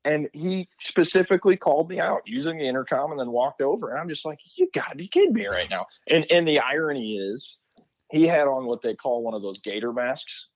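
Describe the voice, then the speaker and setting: A man telling a story as a podcast guest in casual chat, animated and acting out quotes. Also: fairly high pitch, fairly quick, dull audio.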